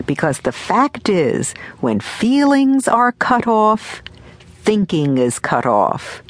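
A woman narrating her parenting audiobook in a conversational, wry, expressive manner. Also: medium pitch, no room sound. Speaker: author and narrator.

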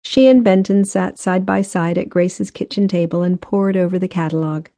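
Mellow woman reading an audiobook. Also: on the low side, dry recording. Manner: measured, even storytelling. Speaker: audiobook narrator. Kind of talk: scripted narration. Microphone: close studio mic.

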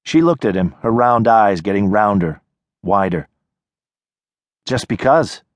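A man giving measured scripted narration of a short story in an audiobook, on a close studio mic. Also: on the low side, no room sound.

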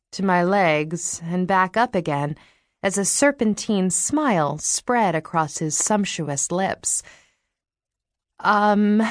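A woman's voice: fairly low pitch, no room sound, studio quality. Wry woman narrating an audiobook. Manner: wry, expressive storytelling. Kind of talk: scripted first-person narration. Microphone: studio microphone.

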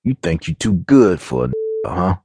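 A man's voice: sits low, very animated, moderate pace, mellow, a little hiss or hum. A man voicing a cocky, menacing streetwise young man with slangy swagger, in an audiobook reading.

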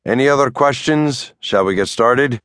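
A man voicing a brisk, smooth-talking female lawyer, cool and increasingly impatient. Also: mid-range voice, fairly bright tone, no echo, studio quality, pitched above the performer's own voice, close to an everyday voice. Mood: curt. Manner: smooth, curt, grows impatient. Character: brisk, slippery woman lawyer, middle-aged.

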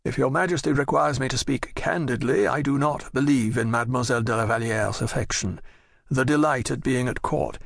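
A man's voice: medium pitch, creaky, fairly bright tone, no echo, studio quality. A man voicing a dignified older nobleman and father who pleads in courtly, earnest speech in an audiobook.

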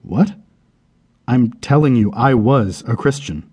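A man's voice: medium pitch, expressive, a little slow, mellow, slightly rough. A male audiobook narrator voicing a self-assured Christian man who firmly insists he does not belong in hell. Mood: protesting. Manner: firm, insistent, pleading. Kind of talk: audiobook character reading.

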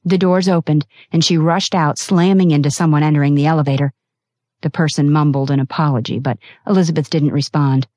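A woman reads a novel aloud in a low, dark voice, steady and expressive. The sound is close and dry, with no room around it. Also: fairly quick, dry recording. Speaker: audiobook narrator. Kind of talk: scripted narration.

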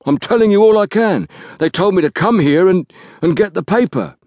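A man's voice: sits high, expressive, moderate pace, a little mellow, dry recording, highs cut off, voice pushed up. A man voicing a frightened, sullen male thug who whines and breaks into panic. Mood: panicky.

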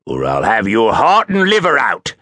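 A man voicing a threatening escaped convict with a gruff, coarse rural dialect. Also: deep voice, big pitch swings, unhurried, fairly bright tone, no echo, heavily acted. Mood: menacing. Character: menacing ragged escaped convict, rough and threatening.

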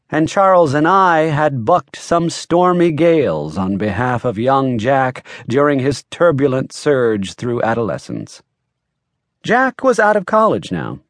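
A man's voice: mid-range voice, no room sound, clean studio sound. A man reading a hardboiled mystery in first-person narration, with a wry and playful delivery. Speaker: audiobook narrator. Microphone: studio mic.

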